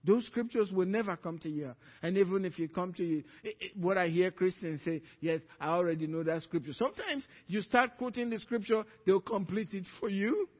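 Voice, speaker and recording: High-voiced preaching man in an echoing hall. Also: moderate pace, hardly any pauses, slightly rough, lo-fi sound. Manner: swings from loud fervent peaks to low quiet storytelling. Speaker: pastor. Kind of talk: sermon.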